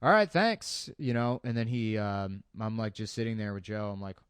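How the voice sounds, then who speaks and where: A man co-hosting a podcast, telling stories in a laid-back way and quoting people in a flat mumble. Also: lowish voice, a little fast, clear, resonant tone, no echo, clean studio sound. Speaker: podcast co-host. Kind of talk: casual podcast banter, storytelling.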